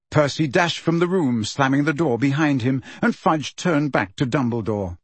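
A man narrating an audiobook with expressive, measured storytelling. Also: mid-range voice, husky, no echo.

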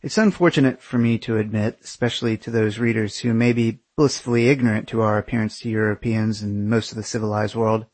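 A husky-voiced man tells a personal travel story in first person, with a wry, sardonic edge. His pitch sits in an ordinary middle range, and the recording is dry and close, with no room sound. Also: steady tone, a little fast, hardly any pauses, a little mellow, no echo. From United States. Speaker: memoir narrator.

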